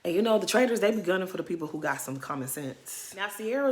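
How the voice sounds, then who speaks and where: A woman's voice: fairly low pitch, animated, quick pace, few pauses. A woman giving a casual, emphatic recap of a reality show, laughing often as she talks. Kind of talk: casual commentary.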